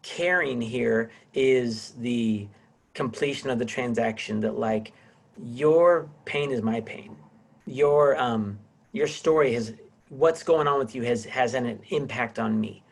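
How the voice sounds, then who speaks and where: This middle-aged man teaches a casual class over video call with a gravelly, mid-range voice, taking it slowly. His lecture rambles and is full of restarts.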